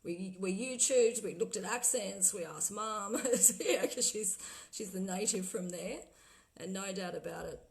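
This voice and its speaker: A woman vlogger in casual livestream chat who talks excitedly, trails off and laughs often. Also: medium pitch, unhurried, vocal fry, low-quality recording. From Australia. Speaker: vlogger playing spirit recordings.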